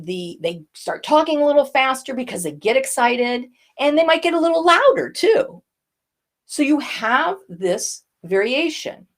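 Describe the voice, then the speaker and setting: An older woman, a voice coach, teaching a lesson and demonstrating vocal effects as she explains. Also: fairly high pitch.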